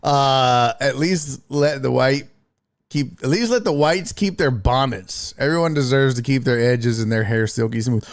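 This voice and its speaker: A man's voice: medium pitch, unhurried. A middle-aged man hosting a casual sports talk stream, chatting with viewers in a profane, jokey way. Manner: profane, animated, jokey, slips into mock voices. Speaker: sports talk show host. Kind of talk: casual live-stream chat, reading viewer comments.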